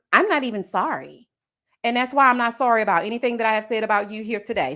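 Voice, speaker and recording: A woman hosting a live review of a reality show, sassy and expressive, talking straight to her viewers. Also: on the high side.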